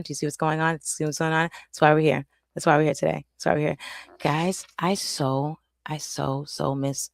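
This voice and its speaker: A woman hosting a live stream, talking in a rambling, animated way and calling her viewers "bro" and "darling". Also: low-pitched, dry recording, rough recording. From United States. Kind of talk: casual live stream monologue.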